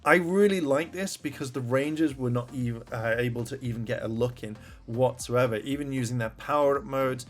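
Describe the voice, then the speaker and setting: A man's voice: mid-range voice, a little fast, few pauses. A man casually reviewing a TV episode, rambling through the plot and swearing when he gets annoyed.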